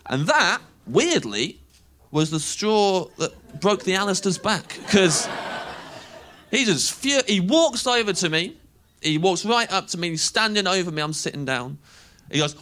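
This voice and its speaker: A young English stand-up comedian tells a self-mocking story in a high, bright voice. His pitch swings all over, and he laughs through his lines. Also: big pitch swings, moderate pace. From England.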